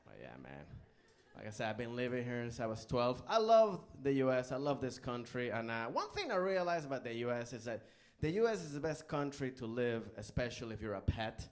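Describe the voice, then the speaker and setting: Lively Venezuelan-accented man doing stand-up. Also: mid-range voice, brisk. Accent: Venezuelan Spanish. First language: Spanish. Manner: animated, acts out characters in put-on voices. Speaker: stand-up comedian. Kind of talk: stand-up comedy set. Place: comedy club stage with audience laughter.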